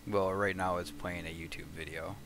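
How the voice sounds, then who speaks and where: A man's voice: low-pitched, little pitch movement, normal speed, background noise. A man in a tabletop game group, chatting casually out of character and offering plain, laid-back help.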